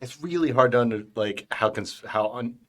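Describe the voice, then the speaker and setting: A man playing a tabletop game, speaking in a quick, wry way. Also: mid-range voice, fairly bright tone. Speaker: player.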